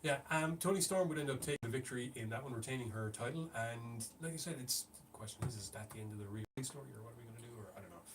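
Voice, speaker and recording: A man's voice: medium pitch, racing, few pauses. A man co-hosting a wrestling podcast, chatting casually and rambling with lots of restarts. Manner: rambling, restarts often, laughs easily. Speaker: podcast co-host. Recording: distant mic with faint ambient noise.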